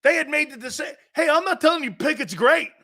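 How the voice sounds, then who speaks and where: A man with an East Coast American accent hosting a sports talk show, ranting loudly with profanity and frequent shouting. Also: very high-pitched, expressive, fast talker. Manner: loud, profane, often shouting.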